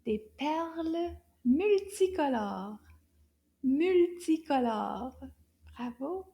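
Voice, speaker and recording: A woman teaching young children words in a slow, gentle way. She often drops into soft whispers and gasps with surprise. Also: sits high, lively intonation. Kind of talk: slow kids' lesson, words repeated.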